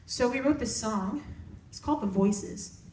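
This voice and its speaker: A woman who works as a music therapist, speaking softly and casually to campers between songs. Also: fairly high pitch, unhurried, a little hiss or hum. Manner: soft-spoken, conversational, with y'all. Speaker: singer-songwriter and music therapist. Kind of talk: casual talk to campers and live singing. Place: camp room, live performance. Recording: roomy, distant mic, with loud guitar. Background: guitar playing.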